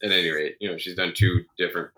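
Very deep, bright-edged male co-host. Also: steady tone, fast, a little hiss or hum, poor audio. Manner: rambling, self-correcting, tired. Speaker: podcast co-host. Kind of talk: casual chat.

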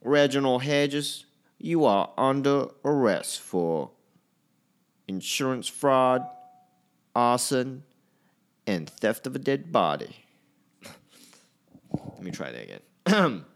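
A man's voice: mid-range voice, very animated, pitched above the performer's own voice. A man voicing a stern lawman with a put-on American Southern accent, drawing out every word as he makes an arrest. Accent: American South (West Texas). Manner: slow, drawn-out, stern pronouncement.

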